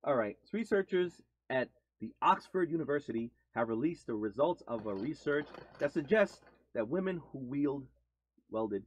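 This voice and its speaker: A man co-hosting a casual podcast, animated and quick to giggle as he talks and reads aloud. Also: medium pitch, a little hiss or hum. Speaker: podcast co-host. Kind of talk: casual chat. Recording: lo-fi dull sound.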